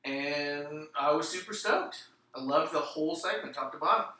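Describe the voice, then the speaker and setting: A man's voice: on the high side, normal speed. A man hosting a casual wrestling podcast chat, recounting what he saw with lots of swearing. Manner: animated storytelling with heavy swearing. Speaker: podcast host. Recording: roomy room, distant mic, faint noise.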